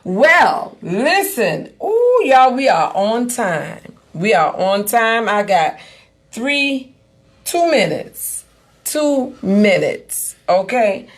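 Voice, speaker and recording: Casting: woman podcast host, fairly high voice, unhurried, chatty, repeats lines for emphasis. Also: very animated. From Savannah, Georgia. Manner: chatty, addresses listeners as "y'all", repeats herself for emphasis. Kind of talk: casual live-streamed talk show.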